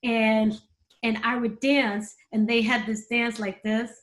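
A woman's voice: fairly high pitch, level tone, slow, poor audio. A middle-aged woman, a performer, telling emotional personal stories in a candid, conversational interview. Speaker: guest, performer.

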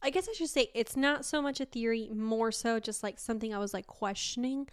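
A young woman from Argentina in casual podcast chat, chatty and quick to laugh. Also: a little high, clean tone, no room sound, studio quality. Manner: laughs often, chatty and animated.

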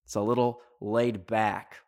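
Rambling young Canadian podcast host. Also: male voice, lowish voice, measured pace. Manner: rambling, filler-heavy, animated. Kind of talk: casual podcast monologue.

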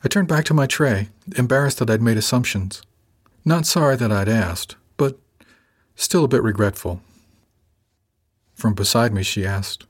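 A man narrating a story in the first person, in a calm, dryly witty manner. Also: medium pitch, normal speed, long pauses, breathy edge. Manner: calm, dry wit. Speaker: audiobook narrator.

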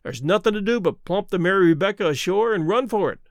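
A man's voice: high voice, expressive, fast, dry recording, clean studio sound. A man voicing a cheerful deckhand who talks in a breezy, matter-of-fact way. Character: cheerful deckhand sailor, unbothered by danger.

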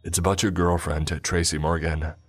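A man voicing a male police officer breaking bad news, speaking quietly and slowly. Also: low voice, flat delivery, soft background music, close to an everyday voice. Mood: somber.

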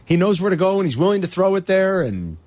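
A man with a high, lively voice that swings widely in pitch. He rants about a game on a sports talk show, piling up rhetorical questions in an exasperated, animated way. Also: fast. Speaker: sports radio host.

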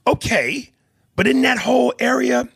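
A man co-hosts a comedy podcast, joking crudely and doing voices as he reads a listener's email aloud. His voice is extremely high-pitched, gravelly, and husky, a bit bright, at normal speed with no echo.

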